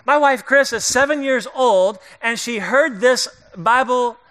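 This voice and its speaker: A middle-aged male pastor preaches a sermon in a loose, conversational way, joking with the congregation and acting out the voices of the people in the story. His voice sits high and sounds bright and forward. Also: unhurried.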